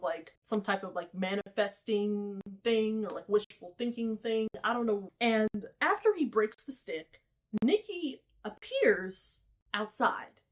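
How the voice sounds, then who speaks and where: A woman casually retelling a horror film's plot in a chatty, animated way, peppering her talk with asides and "okay?". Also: medium pitch. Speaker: movie reviewer.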